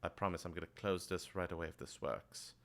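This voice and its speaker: A man's voice: deep voice, fairly quick, a bit bright, voice pushed down. A man voicing a flustered, polite woman healer who talks in hesitant, apologetic bits.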